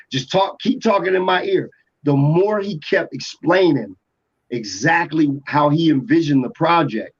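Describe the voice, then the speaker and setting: A music producer from Atlanta telling a rambling story in a casual interview, full of restarts and fillers. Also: male voice, fairly high pitch, slightly rough. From Atlanta, USA. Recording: dull lo-fi podcast audio.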